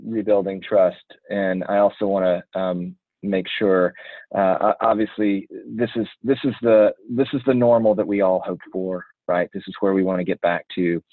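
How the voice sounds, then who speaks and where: Deep-voiced Texan man on a tinny line. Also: steady tone, moderate pace, no room sound. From East Texas. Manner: hesitant, filler-heavy. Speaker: moderator. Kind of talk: webinar moderation.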